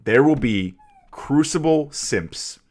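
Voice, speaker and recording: A man's voice: mid-range voice, expressive, slow pace, darkish tone. A man hosting a live stream, giving heated, emphatic commentary. He swears freely and often repeats himself as he talks. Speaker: streamer host.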